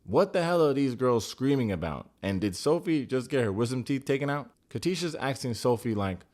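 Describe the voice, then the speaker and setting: A man's voice: mid-range voice, lively intonation, a little fast, darkish tone. An American man giving a casual, joking recap of a reality dating show, blunt and sarcastic, swearing freely. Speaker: TV recap reviewer.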